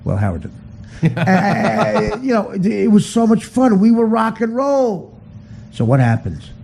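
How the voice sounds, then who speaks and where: A man ranting in a profane comic style, laughing at his own jokes and dropping to a hushed near-whisper when confessing. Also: high voice, very animated, measured pace, creaky, a little hiss or hum, rough recording. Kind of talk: profane comedic rant.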